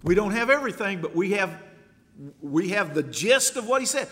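A man delivers an emphatic sermon from the pulpit. His voice sits high and bright, and his pitch rises and falls widely. It rings out with a long reverb from a large sanctuary. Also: lively intonation, normal speed. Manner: emphatic, rising to loud exhortation. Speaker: preacher.

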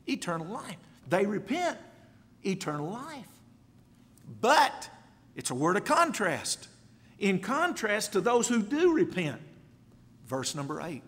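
A man delivers a sermon in a fairly high voice that swoops up and down with emphasis. He reads old-fashioned scripture and hammers key words by repeating them. His voice trails off into a long reverb, as in a big hall. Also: big pitch swings, unhurried, long pauses, fairly bright tone. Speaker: preacher.

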